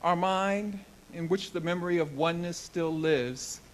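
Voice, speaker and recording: Slow, earnest male reader. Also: fairly high pitch, slight background noise, rough recording. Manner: slow, earnest, deliberate reading. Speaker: guest reader at a spiritual service. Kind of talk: reading a book excerpt aloud.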